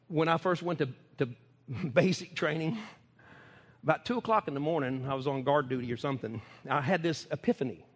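Guy preaching, high husky voice, swings up and down a lot, reverby. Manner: folksy, emphatic, laughing often. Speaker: ministry speaker. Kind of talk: preaching talk.

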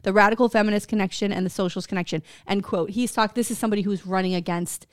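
A young woman from Florida co-hosting a podcast, chatting in a loud, profane, animated way and laughing often. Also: mid-range voice, rapid-fire, dry recording, studio quality. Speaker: podcast co-host. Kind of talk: casual chat.

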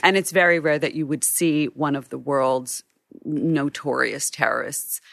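With a low, creaky yet fairly bright voice, a middle-aged woman photojournalist shares vivid career anecdotes in an interview. She speaks at a measured pace with fairly even intonation. The studio sound is clean, without room sound.

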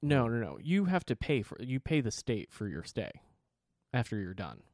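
A man's voice: medium pitch, wildly swooping pitch, normal speed, a little mellow, dry recording. A man co-hosting a podcast, talking in a dry, teasing way. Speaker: podcast co-host. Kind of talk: casual chat.

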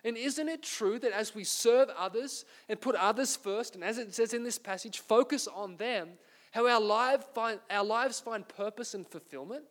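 A man's voice: high voice, normal speed. An Australian man preaching a sermon as pastor, earnest and self-deprecating as he tells a story.

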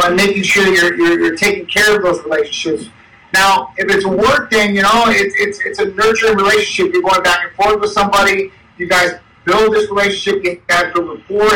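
A man's voice: sits high, sharp tone. A man co-hosting a casual talk show, speaking in a promotional way with many fillers and restarts. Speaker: co-host. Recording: distant from the mic.

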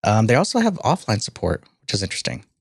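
A man co-hosting a podcast, chatting casually about software in a rambling way with restarts. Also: lowish voice, huge pitch swings, creaky, slightly rough, no room sound, clean studio sound. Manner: fast, rambling, self-interrupting. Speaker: podcast co-host. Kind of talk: casual tech chat.

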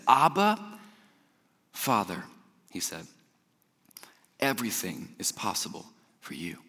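A young man preaching a sermon, telling stories with animated energy, then dropping to a soft, slow hush for scripture. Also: medium pitch. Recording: long hall reverb.

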